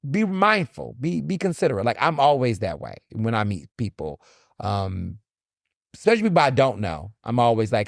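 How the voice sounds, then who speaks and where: At normal speed, this American Southerner's medium-pitched, gravelly voice swoops wildly as he hosts his casual solo podcast. He speaks bluntly and animatedly, swearing freely and acting out encounters, in a dry studio-quality recording.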